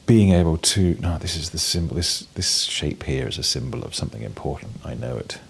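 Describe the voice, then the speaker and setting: Very deep, gravelly British man gaming. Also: expressive, brisk, slight background noise. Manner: wry, playful, with many fillers and restarts. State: has a cold, coughing and sneezing. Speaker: game streamer. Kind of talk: casual gameplay commentary.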